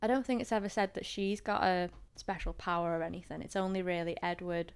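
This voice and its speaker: A woman with a very smooth, clean voice that sits fairly low for her sex. She co-hosts a casual podcast, eagerly walking her partner through story details with plenty of 'like' and 'you know'. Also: steady tone, brisk. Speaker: podcast co-host. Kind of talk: casual chat.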